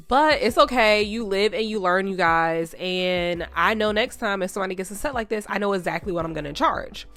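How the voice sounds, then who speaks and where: A woman's voice: medium pitch, normal speed, hardly any pauses. A young woman who runs a nail channel, chatting casually with a stuffy nose, full of "y'all" and "like". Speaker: nail tech vlogger. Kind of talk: casual chat over a tutorial. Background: soft background music.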